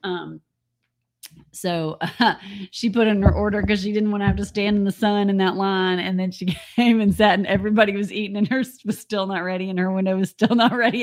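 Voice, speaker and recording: A woman's voice: mid-range voice, steady tone, fairly quick. A woman co-hosting a live stream, chatting and telling stories, laughing often. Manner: chatty storyteller, laughs often, says y'all. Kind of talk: casual chat.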